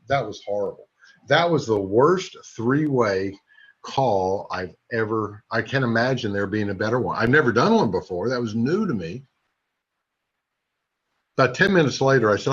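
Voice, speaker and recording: A man in his sixties giving a sales training talk, a lively storyteller who throws quick asides to his audience. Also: on the low side. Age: 60s. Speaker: network marketing trainer. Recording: dull lo-fi recording.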